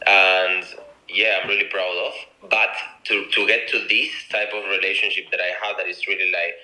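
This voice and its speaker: A man from Argentina with a thick Argentine Spanish accent, a guest chatting playfully, halting and repeating words. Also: deep voice, flat delivery, sharp tone. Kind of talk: casual chat. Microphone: video call. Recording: tinny video call audio.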